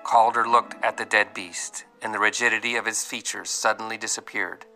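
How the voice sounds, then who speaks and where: Guy reading a dramatic storybook, bright crisp voice, faint music underneath. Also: fairly low pitch, steady tone, moderate pace, rough recording. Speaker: narrator.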